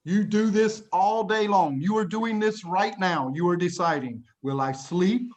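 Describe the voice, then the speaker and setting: A man's voice: sits high, normal speed. A man teaching an online English lesson to children, explaining words patiently and plainly, laughing often, over a video call. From United States.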